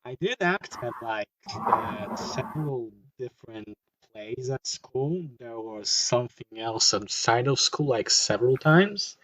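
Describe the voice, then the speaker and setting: A man's voice: medium pitch, animated, measured pace, a bit bright, a little hiss or hum. A young man co-hosting a casual podcast chat, joking crudely in a mock-sarcastic way. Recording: dull, dry lo-fi mic.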